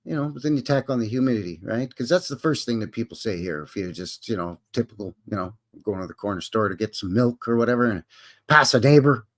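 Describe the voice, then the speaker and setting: A man's voice: medium pitch, expressive, fast talker. A man with a Canadian accent hosting a live stream, greeting his chat in a jokey, folksy way. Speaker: livestream host.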